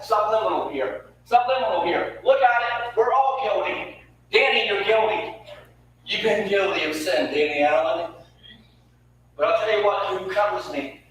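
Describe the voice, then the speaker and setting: A man preaching a lively sermon in a small church, emphatic, repeating words and asking the congregation questions. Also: sits high. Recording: echoey room, mic far off, faint hum.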